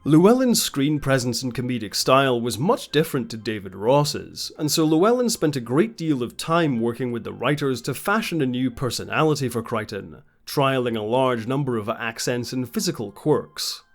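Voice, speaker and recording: A man narrating a scripted TV retrospective in a measured, informative way. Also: mid-range voice, lively intonation. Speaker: video essay narrator.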